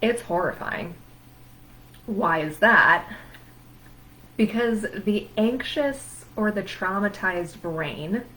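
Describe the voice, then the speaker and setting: A woman's voice: mid-range voice, bright, forceful tone, slight background noise, poor audio. A woman therapist giving an educational talk on anxiety, speaking emphatically and listing words in rhythmic runs.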